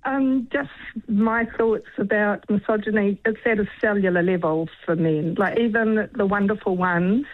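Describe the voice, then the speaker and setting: A woman's voice: mid-range voice, normal speed. Woman caller on a tinny phone line. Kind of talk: casual phone-in chat.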